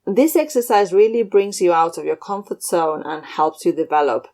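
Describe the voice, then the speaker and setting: A woman teaching a beginners' language lesson. Her voice sits on the low side for a woman. She slows down and pronounces each example phrase carefully. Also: animated, darkish tone. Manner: clear, slowed model pronunciation of phrases. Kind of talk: scripted lesson.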